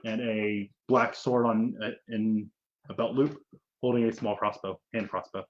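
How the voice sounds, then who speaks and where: A man's voice: fairly low pitch, steady tone, a little slow, lo-fi sound. A man running a tabletop game as game master, narrating loosely with swearing and restarts.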